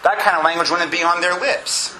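A man's voice: high voice, steady tone, a little fast, a crowd in the background. A male pastor preaching a sermon to his congregation, emphatic, drawing out phrases and repeating himself. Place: church sanctuary with congregation. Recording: echoey room.

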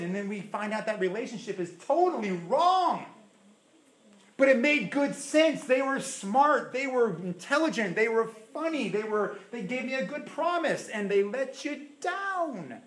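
A man preaching a sermon as pastor, animated, swinging between loud emphasis and hushed asides. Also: extremely high pitch, normal speed. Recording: echoey room.

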